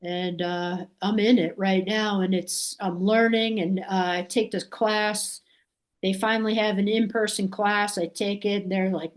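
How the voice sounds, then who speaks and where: A woman's voice: mid-range voice, steady tone, normal speed. A woman from Massachusetts, a podcast guest, telling a story in a loose, rambling way, full of fillers and restarts, and acting out what others said. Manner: acts out quoted voices animatedly. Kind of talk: casual storytelling.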